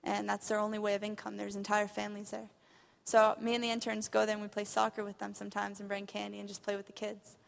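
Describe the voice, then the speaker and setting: A woman's voice: medium pitch, completely flat delivery, fast, gravelly, few pauses, big-room sound. A young woman giving an earnest missionary testimony in church, growing impassioned as she retells a story. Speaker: missionary speaker. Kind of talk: testimony sermon. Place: church hall.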